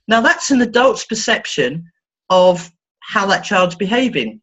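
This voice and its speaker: A woman's voice: big pitch swings, a little slow, a bit bright, husky. A woman therapist talking in an interview, telling stories playfully and acting out the voices she quotes. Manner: playful, acts out quoted voices with big pitch swings. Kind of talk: animated storytelling in conversation. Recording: dull lo-fi sound.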